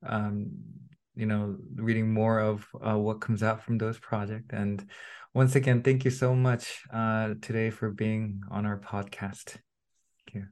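A man hosting a podcast interview, speaking in a measured, formal and polite way. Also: lowish voice, level tone, a little mellow. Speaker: podcast host.

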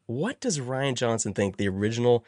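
A man hosting a comedic podcast game segment, excitable and quick to laugh. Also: medium pitch, dry recording, clean studio sound. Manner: excitable, laughs often, upbeat game-host delivery. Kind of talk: lively comedic podcast chat.

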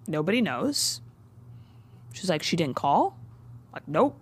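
Woman co-host. Casual recap with a lot of swearing and acted-out quotes. Very animated pitch. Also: slow pace, long pauses, husky. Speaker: podcast co-host recapping a TV show. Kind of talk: casual chat.

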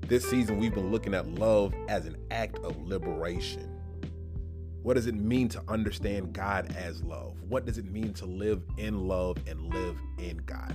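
A man hosting a casual Bible podcast, talking playfully and emphatically in slangy asides. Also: low-pitched. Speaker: podcast host. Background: background music.

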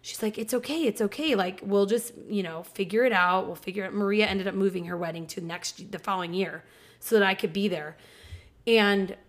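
Brief: thirties woman, casual podcast storyteller, candid, swears, acts out quoted people, average pitch. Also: fairly even intonation, moderate pace, fairly bright tone.

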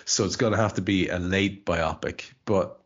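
A man's voice: low-pitched, moderate pace, highs cut off. A man hosting a casual podcast chat, rambling and often restarting his words. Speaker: podcast host.

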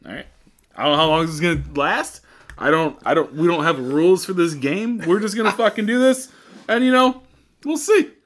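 A man's voice: high-pitched, brisk. A man co-hosting a casual podcast chat, swearing freely and bursting into laughter. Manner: swears a lot, breaks into loud laughter. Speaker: podcast co-host.

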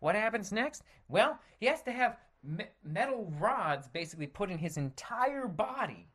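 Man from the US on a solo podcast, lively swinging pitch, profane animated rant, stumbles and restarts. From United States. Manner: animated, profane ranting with frequent swearing; trails off into self-corrections and restarts. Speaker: podcast host.

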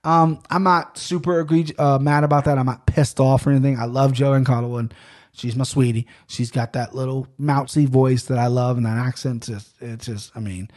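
A man's voice: mid-range voice, steady tone, normal speed, darkish tone. A man hosting a podcast, rambling in casual solo talk with many fillers and restarts. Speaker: podcast host.

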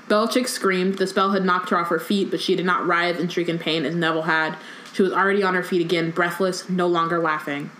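A woman's voice: on the low side, steady tone, brisk, fairly bright tone, echoey room, low-quality recording. A woman co-hosting a podcast, reading a book aloud and chatting casually, with many fillers like "um" and "like".

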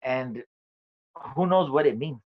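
A man's voice: mid-range voice, slow. A man guest on an interview, a comedian telling his own story in a casual, profane, streetwise way, acting out quoted dialogue. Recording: dull lo-fi recording.

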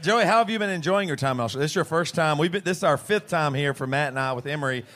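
Easygoing Southern US man, fairly high voice. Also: fairly bright tone. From Charleston, South Carolina. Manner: easygoing, quick agreeing interjections and anecdotes. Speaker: podcast co-host. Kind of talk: live podcast banter in front of a crowd. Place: pub stage.

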